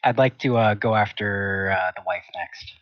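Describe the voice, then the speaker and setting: A young man playing a tabletop game, speaking in a calm, matter-of-fact way. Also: fairly low pitch, moderate pace, dull audio. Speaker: player. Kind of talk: casual tabletop play.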